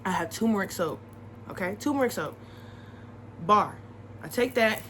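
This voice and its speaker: A young woman vlogging, chatting casually to the camera with advice, animated and repeating her points for emphasis. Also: medium pitch, normal speed, a little hiss or hum, poor audio.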